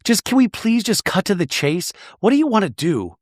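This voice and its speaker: A man's voice: high voice, big pitch swings, normal speed, dry recording, studio quality, pitched above the performer's own voice. A man voicing a whiny, dramatic young woman from a reality show, sounding pleading and exasperated.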